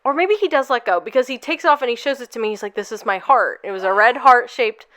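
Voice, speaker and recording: A woman's voice: on the high side, expressive, fast, a bit bright. A young woman co-hosting a podcast, telling a long story in a rambling, casual way full of fillers. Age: young adult. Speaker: podcast co-host.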